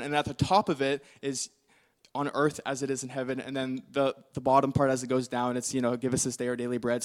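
A man's voice: on the high side, clean tone. A young male pastor preaching a sermon, telling a story in a casual, rambling way full of fillers.

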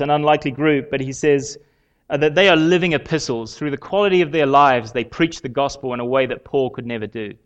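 A man giving a sermon in a conversational way, with frequent pauses and fillers. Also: medium pitch, dull audio. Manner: conversational, halting with many fillers. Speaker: preacher.

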